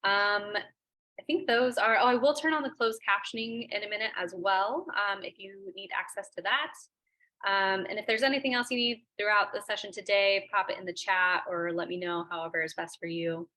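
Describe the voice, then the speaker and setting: A woman's voice: mid-range voice, normal speed, sharp tone. A woman hosting a business webinar, opening the session in a friendly way with many filler ums, over a video call. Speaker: webinar host. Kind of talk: webinar introduction.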